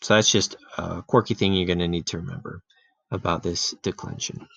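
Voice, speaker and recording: A man giving a relaxed, casual grammar lesson, full of fillers and restarts, who often clears his throat. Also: deep voice, brisk, dry recording. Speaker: Greek teacher. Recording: dull, dry home recording.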